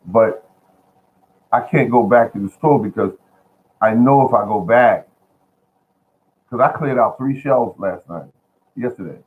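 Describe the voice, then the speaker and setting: Unhurried and prone to long pauses, a man with a mid-range voice rambles indoors at home about gardening deals. The lo-fi, phone-like recording catches him repeating himself and addressing viewers as "folks."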